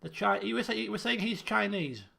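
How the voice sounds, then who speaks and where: A man's voice: high voice, lively intonation, moderate pace, vocal fry, sharp tone. A man streaming a game, thinking aloud in casual commentary and repeating himself as he works things out. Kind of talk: casual let's-play commentary.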